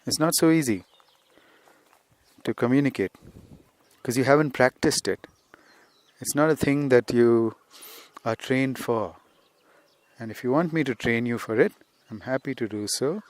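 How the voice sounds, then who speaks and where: A man's voice: medium pitch, moderate pace. A man recording an unscripted podcast lesson outdoors on a hillside, talking in a rambling, conversational way. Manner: conversational, rambling, with frequent "you see". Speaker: spiritual teacher and podcast host.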